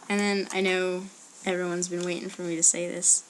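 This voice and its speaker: A woman's voice: on the low side, level tone, brisk, slight background noise. A young woman answering a list of questions in a casual, rambling audio post, with hesitant fillers and murmured asides. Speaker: blogger answering a question meme.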